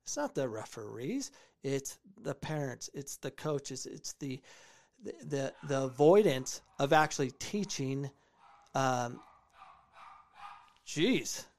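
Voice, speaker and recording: A man's voice: medium pitch, very animated, slow, creaky, long pauses. A man hosting a show about soccer clips, giving casual, opinionated commentary and repeating phrases for emphasis. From United States. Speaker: podcast host reviewing soccer clips.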